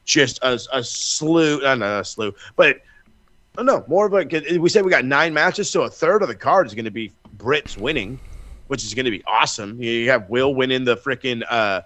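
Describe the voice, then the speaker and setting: Bright-voiced, profane wrestling podcast host. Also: male voice, medium pitch, moderate pace, no echo. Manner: profane, animated storytelling with frequent restarts. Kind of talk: casual wrestling chat.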